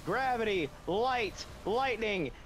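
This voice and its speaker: Excitable high-voiced gamer guy, yelling. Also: takes it slowly, slight background noise. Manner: excitable, yelling and swearing at the game. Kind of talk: casual co-op gaming chat. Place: room at home.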